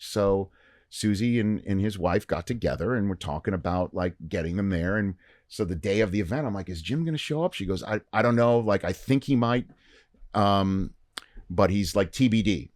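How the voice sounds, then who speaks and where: Middle-aged male podcast host, very low pitch, loose chatty storyteller, dry studio sound. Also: normal speed, no echo. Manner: rambling, animated anecdote-telling with many fillers. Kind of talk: casual storytelling chat.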